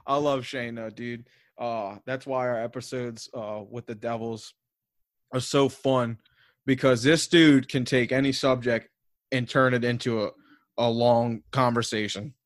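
A man's voice: medium pitch, fairly even intonation, measured pace, no echo, clean studio sound. A man with a Southern American accent hosting a casual podcast, telling stories in a rambling, profane way full of "like" and laughter. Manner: rambling, profane, filler-heavy storytelling with frequent laughs. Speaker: podcast host.

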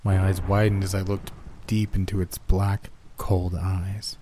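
A man narrates a first-person horror story in an even, steady storytelling manner. His voice sits low and sounds mellow and relaxed. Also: a little slow, no room sound.

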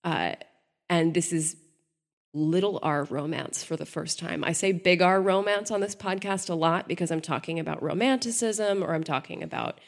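A woman with a somewhat low voice hosts a podcast. She talks in a casual, analytical way, working through her points and often restarting her sentences. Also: normal speed, vocal fry. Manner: thoughtful, analytical, frequent restarts. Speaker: podcast host.

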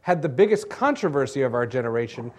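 A man talking as a podcast guest on a theatre stage, telling anecdotes in a lively way and laughing at his own punchlines. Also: mid-range voice, quick pace. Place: comedy theatre stage in front of an audience.

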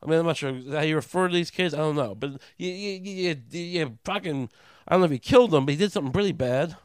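Guy ranting and swearing nonstop, kinda high voice, keeps tripping over restarts, dry close mic. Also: smooth, no room sound. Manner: rapid-fire profane rant, stammering restarts, mocking quoted voices. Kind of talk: profane comedic rant.

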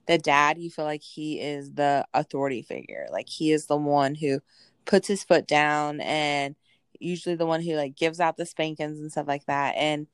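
A woman's voice: low voice, normal speed, smooth, no room sound, studio quality. A woman co-hosting a podcast in casual chat, speaking in an easygoing, conversational way and often agreeing with her partner. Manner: conversational, agreeable, frequent "yeah". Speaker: podcast co-host.

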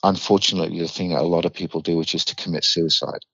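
A middle-aged UK man with a British accent talks fast on a podcast, telling a blunt, vivid story and swearing freely. His low voice is creaky, a bit bright and slightly rough, with fairly even intonation. The recording is dry, slightly dull, with no room sound.

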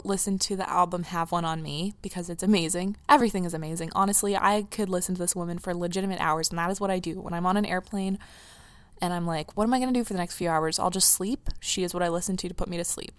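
A woman's voice: fairly low pitch, steady tone, fast, dry recording. A young woman in her teens hosting her own casual podcast, gushing and rambling emotionally with restarts, close to tears. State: near tears. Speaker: podcast host. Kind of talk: casual solo podcast chat.

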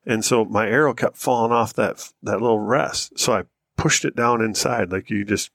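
A man's voice: fairly low pitch, moderate pace, vocal fry, a bit bright, no room sound, studio quality. An American man co-hosting a podcast, chatting in an easygoing, laid-back way. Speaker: podcast co-host. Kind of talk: casual chat.

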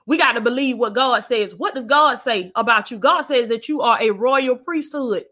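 A woman's voice: sits high, fairly quick, few pauses, pushed and bright. A woman preacher giving an emphatic, repetitive livestream sermon, calling her listeners "baby" and thanking viewers between points.

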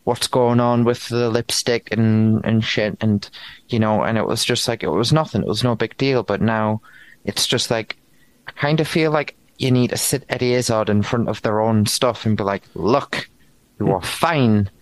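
A man's voice: fairly low pitch, normal speed, poor audio. A man in casual podcast chat, blunt and ranting, swearing freely.

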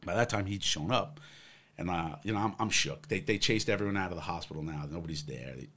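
Low-voiced man telling a rambling story. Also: fast, fairly bright tone. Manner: rambling, acts out others' quotes, many fillers. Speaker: guest, former police officer. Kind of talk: casual storytelling in a conversation.

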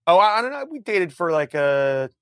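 A middle-aged man, a musician guest, telling a story in a casual, animated way, swearing freely and restarting his sentences. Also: high voice, moderate pace, smooth, no echo, clean studio sound. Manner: animated, profane, frequent restarts.

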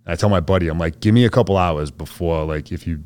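A man's voice: low-pitched, fast, darkish tone. A man, a soldier guest on a podcast, telling a story in a laid-back, slangy way and acting out what others said. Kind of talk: casual storytelling interview.

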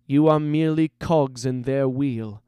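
A sly, menacing rebel mage leader who lingers over each word, as a man puts him on in a story reading. His voice stays smooth and clean, recorded close and dry. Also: medium pitch, a little slow, dark tone, no room sound, close to an everyday voice. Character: cruel charismatic male rebel mage leader.

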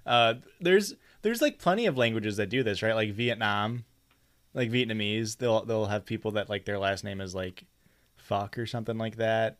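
A man's voice: on the low side, normal speed, a bit bright. A man co-hosting a podcast, joking around in casual banter, swearing freely and laughing often between rambling asides. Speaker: podcast co-host.

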